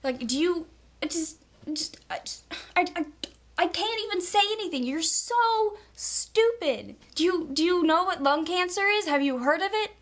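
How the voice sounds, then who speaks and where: Young female vlogger, high voice, fed-up ranting tone, acts out annoying people. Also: lively intonation, normal speed. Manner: exasperated, mocks others in quoted voices. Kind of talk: casual rant to camera.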